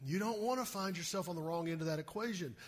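A male pastor giving an animated sermon and often asking the listeners rhetorical questions. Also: high-pitched, quick pace.

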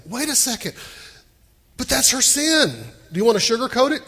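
A man's voice: high-pitched, sing-song, normal speed, fairly bright tone, breathy edge. A man preaching a sermon, talking to the congregation and throwing them questions. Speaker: pastor. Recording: long reverb of a hall.

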